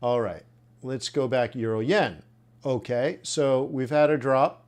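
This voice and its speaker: A trading coach runs a live webinar, thinking aloud and reacting bluntly as he goes over traders' plans. His voice is mid-range and a little mellow, and he speaks at a measured pace.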